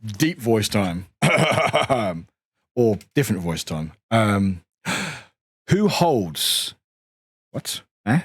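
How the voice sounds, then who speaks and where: A man's voice: fairly low pitch, sing-song, very slow, pauses often, breathy edge, no echo, clean studio sound. A man streaming a game, chatting casually and giggling as he stumbles through reading text aloud. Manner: giggly, stumbles over words and restarts readings.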